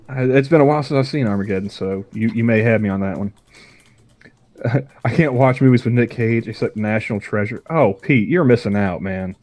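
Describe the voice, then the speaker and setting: A young man chats on a podcast in a middle-pitched voice. He rambles, stammers and restarts his thoughts as he goes. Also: darkish tone. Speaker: podcast co-host. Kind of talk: casual chat.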